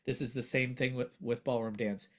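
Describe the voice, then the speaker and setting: A man, a voiceover actor and coach, talking earnestly in a casual interview and growing animated as he makes his points. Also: mid-range voice, fairly quick. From United States.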